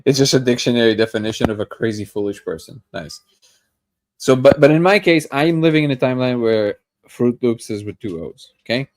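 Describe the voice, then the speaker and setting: Talking a little fast in a mid-range voice, a man hosts his daily live show and reacts to a video clip as casual commentary. He thinks out loud, often starting over and tripping on his words.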